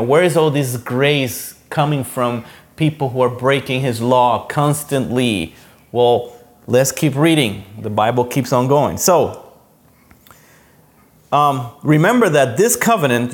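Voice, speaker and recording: Guy giving a sermon, mid-pitched voice, chatty teaching style, keeps saying okay and you know. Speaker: preacher.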